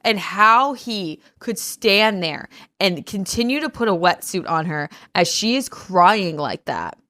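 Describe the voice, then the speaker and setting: A woman co-hosting a casual reality-TV recap podcast, emphatic and expressive, swearing freely. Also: mid-range voice, a little slow, no room sound. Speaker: podcast co-host.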